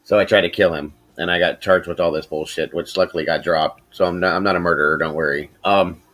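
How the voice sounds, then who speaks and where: Middle-aged man, low bright voice, profane rambling storyteller, casual podcast chat. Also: fast talker. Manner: profane, rambling, animated when quoting. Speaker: podcast host.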